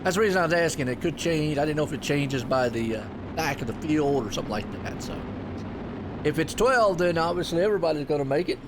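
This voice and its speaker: A man calls a sim race in a high, excitable voice, full of folksy sayings. His voice jumps up on the big moves. A steady noisy hum sits under the recording. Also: quick pace. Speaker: race commentator. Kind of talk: sim racing play-by-play commentary.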